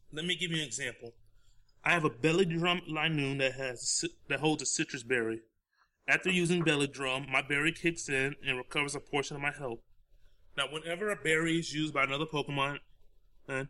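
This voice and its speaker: A man's voice: a little high, sharp tone. A man hosting a podcast in casual chat, dry and joking, explaining game tactics in detail. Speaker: podcast host.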